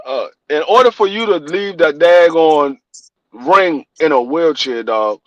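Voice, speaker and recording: A man co-hosting a podcast, talking boxing in animated, profane casual chat and repeating his punchlines. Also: a little high, unhurried, dry recording, muffled recording. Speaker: podcast co-host.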